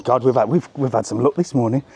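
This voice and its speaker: A fast-talking middle-aged travel vlogger with a medium-pitched voice walks around outside a hotel resort, chatting to his phone camera during a live tour. He's animated and chatty, and "look" keeps coming up.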